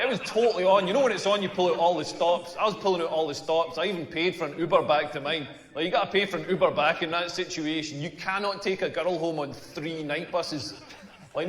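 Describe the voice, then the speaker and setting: Brash Scottish comedian in an echoey hall. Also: male voice, on the high side, a bit bright. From Scotland. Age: 40s. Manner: brash, self-mocking, laughing through punchlines. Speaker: stand-up comedian. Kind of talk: stand-up comedy set.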